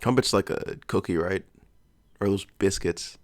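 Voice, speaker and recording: American man, very deep voice, casual reaction chat, blunt, swears, curious questions, dry sound. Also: moderate pace, dry recording. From United States. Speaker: reaction video host.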